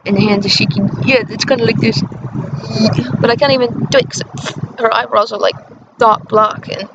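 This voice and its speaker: A woman vlogger telling a rambling personal story, halting and breaking into nervous laughter. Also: fairly high pitch, steady tone. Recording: muffled lo-fi with clear background noise.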